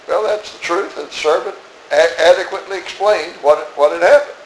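A man preaching an expository sermon in a church, emphatic, asking rhetorical questions and swinging between soft asides and raised outbursts. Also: sits high, fairly quick, slight background noise. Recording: roomy echo.

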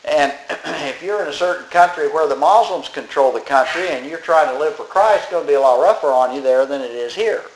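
A man preaching a sermon as pastor, plain-spoken, reading scripture slowly and stressing key words. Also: a little high, echoey room, slight background noise, poor audio.

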